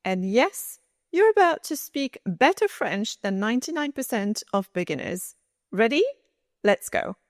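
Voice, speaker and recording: A woman teaching a language lesson in an upbeat, coaching tone, speaking slowly and clearly. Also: a little high, sing-song, dry recording, studio quality. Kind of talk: scripted lesson narration.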